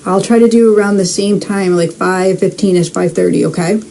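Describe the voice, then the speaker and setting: A woman's voice: mid-range voice, fairly even intonation, normal speed, gravelly, dark tone, slight background noise, low-quality recording. A woman hosting a live-streamed psychic reading, chatty and casual, calling out viewers by name. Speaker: psychic medium host.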